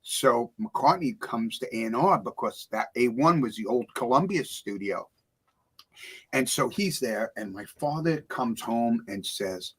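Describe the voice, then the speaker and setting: A middle-aged man, a guest on a talk show, telling a story with lively voices for the people in it. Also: unhurried, breathy edge. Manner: acts out voices in his stories, big swings in pitch and loudness. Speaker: author and music producer guest.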